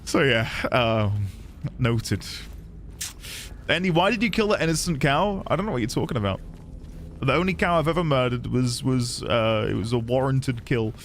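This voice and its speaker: A man streaming a video game live, chatting casually with his viewers, animated and quick to laugh at himself. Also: mid-range voice, slight background noise. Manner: animated, laughs often, self-deprecating asides to chat. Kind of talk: casual live gaming commentary.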